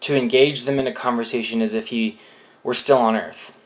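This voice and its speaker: A man's voice: mid-range voice, fairly even intonation, normal speed, soft background music. Casual young man preaching. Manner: conversational, acts out quotes with playful voices. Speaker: youth pastor. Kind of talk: casual youth sermon.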